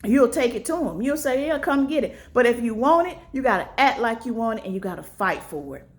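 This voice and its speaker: A woman's voice: animated, fairly quick. A woman vlogger speaking earnestly in a casual, preachy way, encouraging her viewers to fight for themselves. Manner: preachy and earnest, acts out little dialogues with big pitch jumps. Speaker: motivational vlogger.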